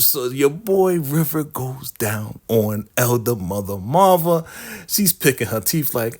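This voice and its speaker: Man, vlog host, casual episode recap, acts out the characters' lines, very lively pitch. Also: takes it slowly.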